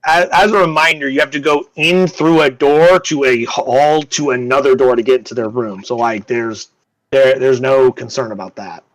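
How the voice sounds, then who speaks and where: A man narrating a tabletop game as game master, in a halting way with many restarts. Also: mid-range voice, no room sound, low-quality recording.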